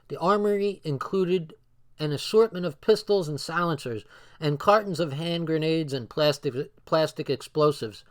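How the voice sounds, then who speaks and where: A man casually reading a book aloud and breaking off into loose, swearing asides. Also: a little high. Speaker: book reader and commentator.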